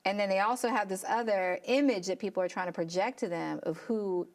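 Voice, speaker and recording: A woman's voice: mid-range voice, fairly quick. A woman hosting a faith-based interview, affirming her guest and asking long, layered questions. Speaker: host.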